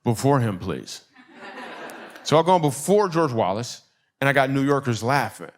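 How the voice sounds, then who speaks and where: A man's voice: medium pitch, lively intonation, moderate pace. A man from Michigan doing a stand-up comedy set, telling a story and acting out the people in it. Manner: storytelling with acted-out quotes and audience laughs.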